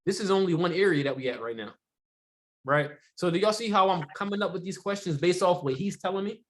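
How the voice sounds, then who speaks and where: Higher-voiced man coaching casually. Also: expressive, brisk. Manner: conversational, rhetorical questions, many "you know" fillers. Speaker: sales trainer. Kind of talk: casual sales training talk.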